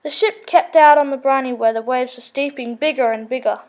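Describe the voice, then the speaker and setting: A woman's voice: high-pitched, fairly quick, a little mellow. A woman reading a children's story aloud, with small slips and self-corrections.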